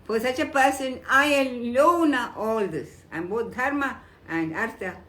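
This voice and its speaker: An older woman teaches scripture in a slow, halting way, full of soft fillers and restarts. Her tone is gentle and earnest, tender when she speaks the deity's words. Faint room sound hums behind her. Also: on the high side, slight background noise. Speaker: spiritual teacher. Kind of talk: devotional scripture discourse.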